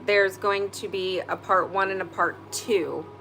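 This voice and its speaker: Slow-talking woman hosting a live stream. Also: mid-range voice, steady tone, bright, forceful tone, a little hiss or hum. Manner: chatty and candid, swears freely when annoyed. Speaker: host of a live online session. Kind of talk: casual live-stream chat. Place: at home indoors by a fireplace.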